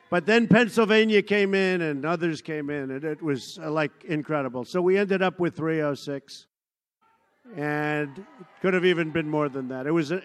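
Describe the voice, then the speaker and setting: At a political rally, a man with a slightly high, somewhat bright voice delivers a boastful, repetitive speech, mocking the people he quotes. The long reverb of a large hall fills the recording.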